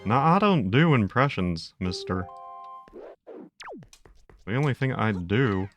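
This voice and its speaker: A man's voice: fairly low pitch, very animated, slow, a bit bright, dull audio, soft background music, exaggerated voice. A man doing a folksy drawling of a stern middle-aged dad, curt and disapproving.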